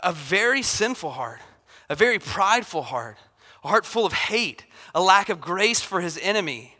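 A man in his thirties, a pastor, preaching a sermon in a casual, animated way. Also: sits high. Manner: casual and animated, acts out Bible figures. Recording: long hall reverb.

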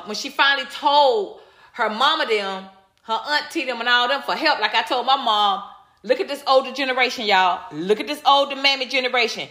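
Bright and high-pitched, this woman reads viewer comments live and answers in a heated, casual rant that is blunt, repetitive, and sometimes profane. Her voice echoes around a roomy space.

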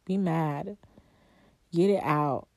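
Woman host, deep mellow voice, unhurried reflective monologue, dry close sound. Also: creaky, no room sound. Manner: heartfelt, conversational, with long pauses and rhetorical questions. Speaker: podcast host. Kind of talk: reflective solo podcast monologue.

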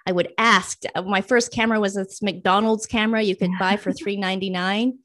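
A woman's voice: mid-range voice, fairly even intonation, moderate pace, a bit bright, dry recording. A young adult woman, a guest in a casual interview, telling her own story and acting out past thoughts and friends' lines.

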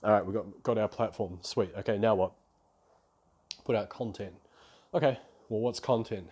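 Mellow, husky-voiced man rambling. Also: on the low side, normal speed, lo-fi sound. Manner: rambling, self-reflective storytelling. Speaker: podcast host. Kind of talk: casual solo podcast monologue.

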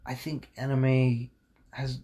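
A man's voice: mid-range voice, completely flat delivery, slow, warm tone, slightly rough. A young man hosting a casual podcast, talking in a blunt, rambling and profane way, full of fillers, with a sore voice. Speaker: podcast host.

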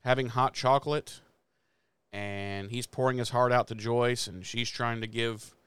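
This Midwestern podcast co-host takes his time, his mid-range voice clear and resonant with no room sound at all. Recapping a TV episode in laid-back conversation, he performs the characters' quotes animatedly and peppers it all with profanity.

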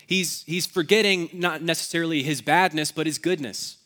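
A man's voice: a little high, normal speed, hardly any pauses, sharp tone. A young adult man preaching a sermon as pastor, conversational and self-deprecating, with casual asides.

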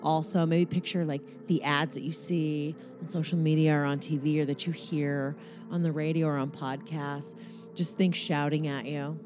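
A woman's voice: low voice, little pitch movement, normal speed, a little mellow, soft background music. A woman guiding a meditation in a loose, joking way, swearing freely as she talks. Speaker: meditation guide. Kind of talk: guided meditation talk.

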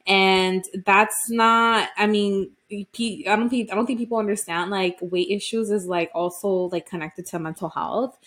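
A young woman co-hosting a podcast tells personal stories in a frank, heated way, swearing as she goes. Her pitch sits in the middle range for a woman. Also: fairly even intonation, normal speed, hardly any pauses, a bit bright. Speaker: podcast co-host. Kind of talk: casual podcast chat.

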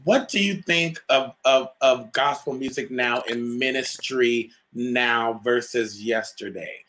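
A man's voice: mid-range voice, takes it slowly, fairly bright tone. A man hosting an interview, reflective and asking long winding questions. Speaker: host.

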